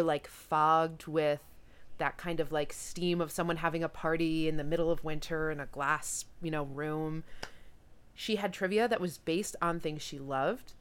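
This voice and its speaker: A woman hosting a podcast, chatting casually and joking as she paints a scene. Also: on the low side. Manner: joking, playful scene-setting. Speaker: podcast host. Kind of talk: casual chat.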